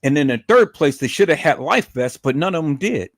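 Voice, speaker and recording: Slightly high, animated and brisk, a middle-aged man's voice rants angrily on a livestream in clean studio sound with no room tone. He swears, addresses the audience as "peoples," repeats words when worked up and explodes into loud outbursts.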